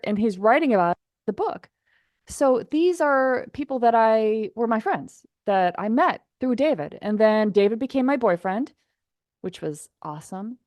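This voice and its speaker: Animated woman from Wisconsin telling stories. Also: mid-range voice, no room sound, studio quality. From Wisconsin, United States. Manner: animated, acts out quoted voices. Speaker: podcast guest. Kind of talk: casual anecdotal storytelling.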